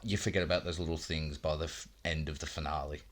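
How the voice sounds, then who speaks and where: A man's voice: extremely low pitch, fairly even intonation, fast talker, a little hiss or hum. A man co-hosting a podcast, rambling in casual film chat, laughing often and swearing freely. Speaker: podcast co-host.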